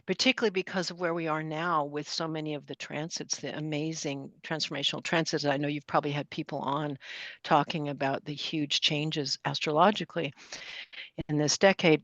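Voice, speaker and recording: Low-voiced reflective woman in her 60s. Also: fairly bright tone, no room sound. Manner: measured, reflective, spiritual. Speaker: guest astrologer. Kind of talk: podcast interview.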